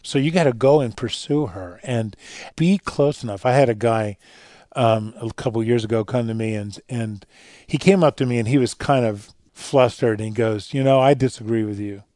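A man with a dark, mellow voice talks earnestly as a guest on a radio show. He tells stories and lets his voice sink low and soft at the tender moments. The sound is dry and close. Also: moderate pace, dry recording. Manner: earnest, storytelling, drops quiet for emotional parts. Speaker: guest speaker on fatherhood and faith. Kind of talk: conversational radio interview.

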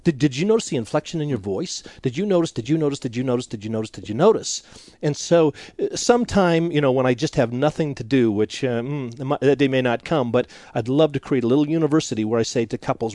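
A man's voice: mid-range voice, lively intonation, quick pace, a little mellow, dry recording. A middle-aged man and marriage counselor, a radio interview guest who talks animatedly, laughs often and restarts his sentences.

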